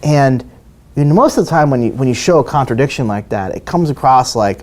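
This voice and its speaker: A man's voice: mid-range voice, expressive, fairly quick, a little mellow. A man, a trial lawyer, telling a story in an interview, acting out the quoted voices with frequent restarts.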